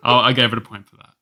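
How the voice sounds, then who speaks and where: A man with a bright, forward voice trades crude, sarcastic jokes while reviewing a film. He talks in a loose, casual podcast manner. The recording is quiet and soft. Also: medium pitch. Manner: jokey, sarcastic, crude humor. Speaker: podcast co-host. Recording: quiet, softly recorded audio.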